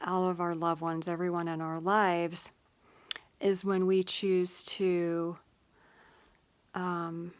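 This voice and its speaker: A woman hosting her own channel, giving a gentle, reflective spiritual talk with many fillers and pauses. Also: lowish voice, little pitch movement, clear, resonant tone. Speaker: channel host.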